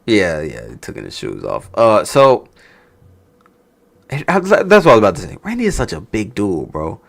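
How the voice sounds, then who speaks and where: A man casually reacts to a wrestling show, loose and profane, telling stories animatedly and laughing along. He speaks at a moderate pace in a low-ish voice with vocal fry.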